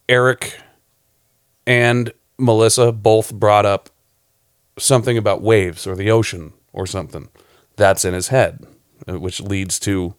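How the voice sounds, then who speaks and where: A man's voice: lowish voice, no room sound, clean studio sound. A man who directed a short film, chatting loosely about it on a podcast, rambling and swearing often. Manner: rambling, profane, laughs often. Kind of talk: casual podcast chat.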